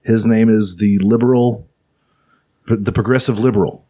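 A man's voice: lowish voice, steady tone, normal speed, warm tone. A young man co-hosting a podcast in casual chat, telling loose, profane stories and slipping into quoted voices. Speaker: podcast co-host.

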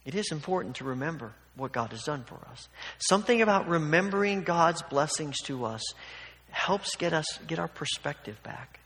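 Male pastor, conversational and emphatic sermon, higher-pitched voice. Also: expressive, moderate pace, a bit bright. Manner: conversational, emphatic, acts out quotes. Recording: long hall reverb.

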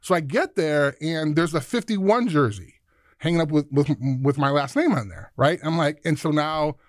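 Man, 50s, from Chicago, interview guest; lively storyteller who voices the other people in his anecdotes, a touch higher pitched. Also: moderate pace, no echo, clean studio sound. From Chicago, USA. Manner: animated storyteller who acts out quoted voices, casual swearing. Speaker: podcast guest, former football player.

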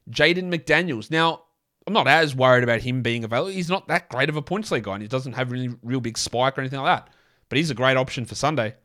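A man's voice: mid-range voice, a bit bright. Australian male podcast host, mid-range voice, blunt and rambling, casual and profane. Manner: blunt and chatty, swears freely, rambles. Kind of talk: casual fantasy sports podcast talk.

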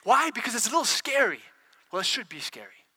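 A man's voice: extremely high pitch, very animated, quick pace, vocal fry, bright, forceful tone, slight background noise. A man preaching a sermon, firing rhetorical questions at the congregation and repeating words as he builds momentum.

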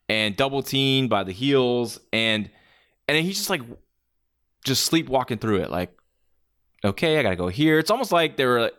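Lively, rambling man reviewing matches. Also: medium pitch. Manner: rambling, many fillers and restarts; blunt, opinionated. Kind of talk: casual spoken review.

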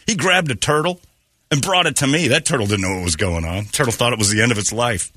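A man's voice: mid-range voice, fast talker, dry recording, studio quality. A man hosting a radio morning show, bantering and telling stories in a casual, comedic way. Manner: animated storyteller, slips into voices. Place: radio studio.

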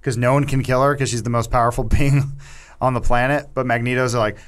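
A man's voice: medium pitch, steady tone, a little fast. A man co-hosting a movie podcast, talking casually and joking about scenes, laughing at his own lines. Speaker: podcast co-host.

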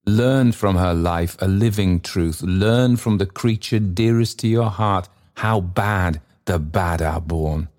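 A man voicing the stern, accusing goblin spirit of a church bell in a solemn, slow audiobook reading. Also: low voice, darkish tone.

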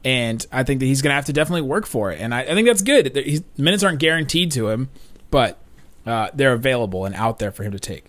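A man's voice: medium pitch, fast talker, fairly bright tone. A man co-hosting a sports podcast, talking casually and laughing between points. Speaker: podcast co-host.

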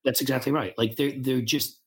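A man co-hosting a podcast, speaking in a measured, reflective way and hedging his claims. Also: medium pitch, fairly even intonation, husky. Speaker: podcast co-host. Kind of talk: casual political chat.

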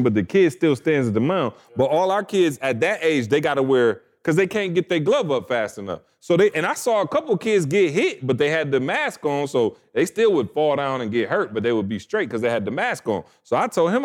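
A man in his thirties, a podcast co-host in casual chat, lively and chiming in with quick reactions. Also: on the high side.

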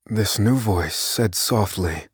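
An actor playing an unassuming man, narrating his own story in the first person in an audio drama, measured and wary. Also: lowish voice, breathy edge, no room sound, studio quality, exaggerated voice. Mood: steady.

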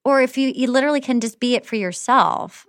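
A woman's voice: high-pitched, fast, dry recording, clean studio sound. A woman author chatting as a guest, rambling and swearing freely, calling people "dude". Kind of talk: casual chat.

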